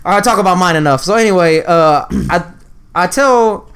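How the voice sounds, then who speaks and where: A man's voice: high-pitched, normal speed, fairly bright tone, clear, resonant tone. A man telling funny stories in casual chat, acting out quotes in other voices, laughing and swearing often.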